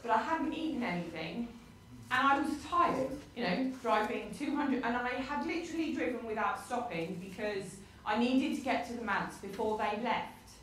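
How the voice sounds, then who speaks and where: A woman's voice: fairly high pitch, lively intonation, normal speed, fairly bright tone, slight background noise. A woman preaching a sermon, telling a personal story with rhetorical questions to her congregation. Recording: roomy hall with faint ambience.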